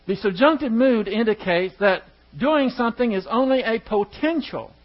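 A man's voice: extremely high pitch, expressive, normal speed, highs cut off. A man teaching an evening Bible study who often stumbles over words, restarts them, and puts questions to his class. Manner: asks the class rhetorical questions.

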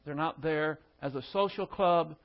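Man, pastor, verse-by-verse Bible teaching, high voice, dull lo-fi recording. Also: measured pace. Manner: methodical, explains Greek word order.

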